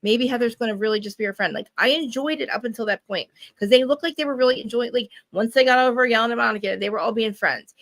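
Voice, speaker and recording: A young woman co-hosting a casual chat, animated, swearing and acting out quotes. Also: fairly high pitch, quick pace, few pauses. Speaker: podcast co-host.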